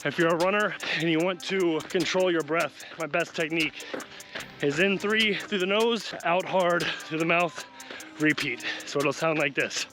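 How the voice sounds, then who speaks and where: A man's voice: on the high side, measured pace, over music. A man vlogging outdoors while running, upbeat and motivational, and out of breath. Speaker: fitness vlogger. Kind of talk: casual vlog while running. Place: outdoors on a hilly road.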